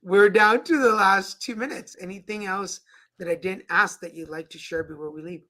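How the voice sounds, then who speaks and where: Bright, animated host man. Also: high voice, moderate pace. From Texas. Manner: animated, playful storyteller. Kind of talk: casual live-stream chat.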